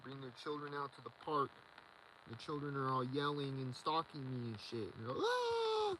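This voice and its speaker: A man's voice: mid-range voice, steady tone, a little fast, pushed and bright, slight background noise, low-quality recording. A man rambling in a solo video monologue, agitated and repetitive as he rants. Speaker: vlogger.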